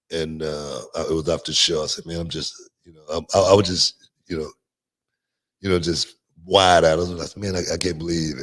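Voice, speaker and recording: A middle-aged man hosting a podcast, telling stories in a laid-back, repetitive way and laughing often. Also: low voice. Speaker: podcast host and wrestling promoter. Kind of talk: casual podcast storytelling. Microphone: podcast microphone, remote stream.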